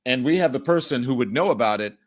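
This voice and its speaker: A man's voice: mid-range voice, animated. A man hosting a talk show, thanking a guest and moving on to the next story. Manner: conversational, then brisk read of an ad. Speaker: host.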